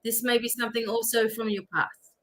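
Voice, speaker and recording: A woman's voice: a little high, little pitch movement, fairly quick. A woman hosting a live-stream psychic reading, chatty and instructive, with many fillers. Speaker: psychic reader.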